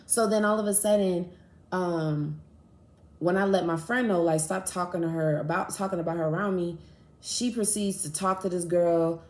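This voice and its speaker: A woman hosting a podcast, telling a personal story in a blunt, profane, animated way. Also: on the low side, normal speed, roomy sound. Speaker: podcast host. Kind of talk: casual storytelling.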